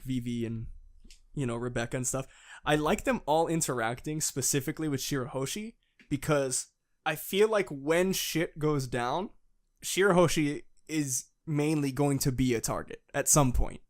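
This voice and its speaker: A young man co-hosting a casual fan podcast, excitable, laughing often and swearing as he recaps. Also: medium pitch. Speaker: podcast co-host.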